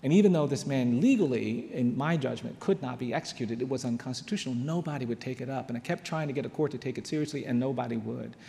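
Earnest male speaker, slow storytelling delivery, gravelly timbre, reverberant hall. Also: mid-range voice, dark tone, a little hiss or hum. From United States. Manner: earnest, with long pauses and repeated phrases. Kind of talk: storytelling talk. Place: large hall.

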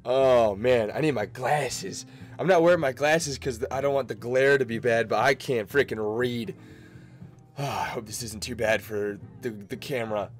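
A man giving casual let's-play commentary, excitable, laughing often and reading game text aloud. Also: medium pitch, normal speed, faint music behind. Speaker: gaming video creator.

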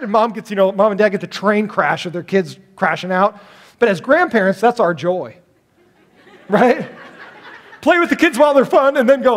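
A middle-aged man preaching a sermon as pastor, animated and jokey, acting out little voices in his stories. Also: high-pitched, fairly quick.

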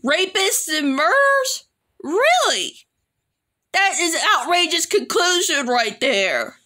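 A woman hosting a reaction video, giving slow, scolding commentary on clips. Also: extremely high pitch, big pitch swings, sharp tone.

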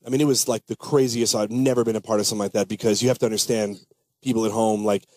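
Rambling comedian telling a story. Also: male voice, lowish voice, fairly even intonation, very fast, dark tone, no echo. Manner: rambling storytelling with many fillers and restarts. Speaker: guest comedian and impressionist. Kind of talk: casual talk-show chat. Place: radio studio.

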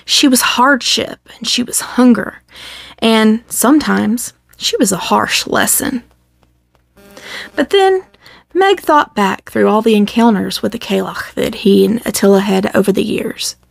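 A woman storyteller reading a children's story aloud in a measured, expressive way. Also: fairly high pitch, vocal fry, no echo, clean studio sound.

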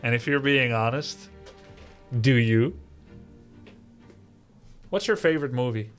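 A man's voice: medium pitch, takes it slowly, a bit bright, soft background music. Sarcastic male streamer reading chat. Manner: sarcastic, mocking, theatrical. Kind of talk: livestream reading chat messages.

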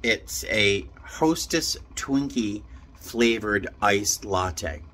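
A man chatting casually to the camera as a travel vlogger, thinking aloud and gushing when excited. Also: on the low side, drawn-out words. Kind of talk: casual vlog chat to camera.

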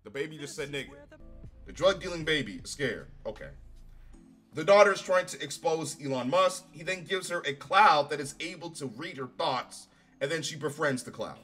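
A man's voice: a little high, animated, normal speed, fairly bright tone. A man giving a casual reaction review of a show, profane, sarcastic and exasperated. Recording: faint music behind.

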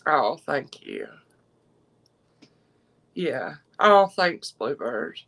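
A woman's voice: low voice, big pitch swings, drawn-out words, vocal fry, a bit bright, low-quality recording. A woman, chatting heartfelt and openly to her live-stream viewers as a jewelry seller.

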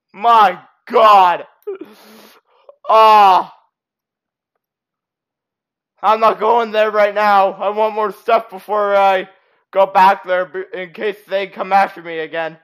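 A gaming channel host giving excitable let's-play commentary, quick to laugh and shriek. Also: medium pitch.

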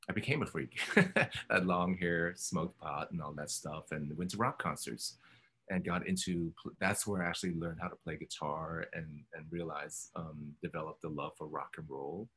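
Low-voiced guy in his 50s from oakland, kinda husky, rambling thoughtfully in an interview. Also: normal speed, a bit bright. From Oakland, California. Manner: thoughtful, rambling, many ums and self-corrections. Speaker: oral history interviewee. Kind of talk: reflective oral history interview.

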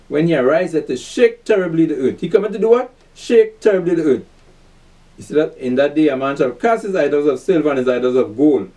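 Reading scripture verses aloud and following with emphatic comments, a man preaches in a dark-toned, fairly high voice. He draws call-and-response answers from listeners and repeats "you see that," captured from afar in poor-quality audio.

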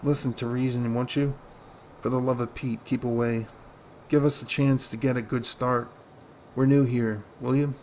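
A man voicing a pushy bucket-shop agent who snarls threats and then turns fussed and pleading, in a flat, even reading voice. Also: mid-range voice, normal speed, slight background noise, natural voice.

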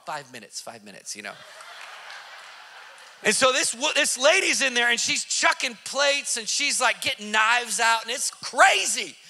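A man hosting a podcast, telling a story in an excitable, emphatic way with bursts of laughter. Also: very high voice. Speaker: podcast host. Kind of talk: animated storytelling.

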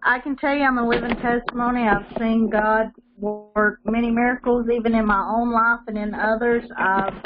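A woman's voice: fairly high pitch, highs cut off, noisy background. A woman giving a personal testimony in church, speaking earnestly and repeating points for emphasis. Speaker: congregation member giving testimony.

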